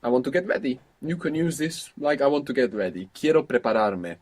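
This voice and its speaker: A man's voice: medium pitch, big pitch swings, fairly quick, darkish tone. A man teaching a language lesson, patiently prompting his students and explaining words step by step.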